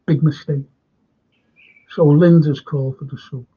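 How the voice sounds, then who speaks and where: A rambling, chatty man hosts a casual fan show, reading out viewer comments as he goes. His voice sits a little high and comes across husky. The sound is thin and tinny, like a phone line. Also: fairly even intonation, measured pace. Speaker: host.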